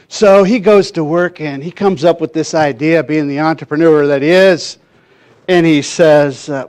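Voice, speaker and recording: A man preaching a sermon in a church, telling a folksy story with many fillers and pauses. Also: on the high side, a little mellow, clear, resonant tone. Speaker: minister.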